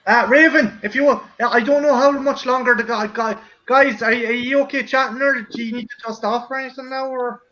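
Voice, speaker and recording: A man hosting a casual watch stream, loud and sweary, laughing a lot. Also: very high-pitched, steady tone, fairly quick, hardly any pauses, lo-fi sound. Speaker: stream host.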